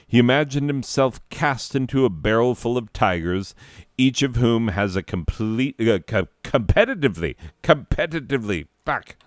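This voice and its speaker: A man narrating a comic story in a deadpan, profane, self-mocking way, breaking off into rants. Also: mid-range voice, moderate pace, no room sound, clean studio sound. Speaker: comedic narrator.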